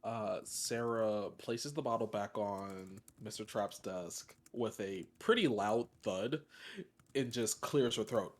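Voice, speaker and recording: A man playing a character in a tabletop game who speaks slowly and deliberately. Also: on the low side. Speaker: player. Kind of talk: tabletop role-play.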